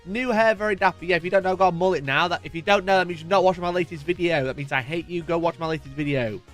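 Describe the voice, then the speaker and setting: A man's voice: high-pitched, rapid-fire, fairly bright tone, soft background music. A man hosting a live stream, chatting casually and jokingly greeting viewers by name as he reads their messages. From United Kingdom.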